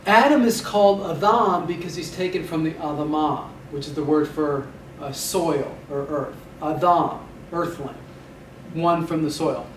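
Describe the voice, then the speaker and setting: A man with a fairly high voice teaches vocabulary in a slow, unhurried way, repeating each word for learners to follow. He drops dry puns along the way. He sounds echoey and a little far from the mic, with faint noise behind him. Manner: dry punning humor, drills words by repeating them. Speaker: Hebrew instructor. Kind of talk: recorded vocabulary lecture.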